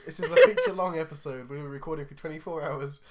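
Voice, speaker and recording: A man's voice: fairly high pitch, wildly swooping pitch, fast, heavy background noise. A British man co-hosting a podcast in casual chat, joking drily and laughing in wheezes. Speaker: podcast co-host.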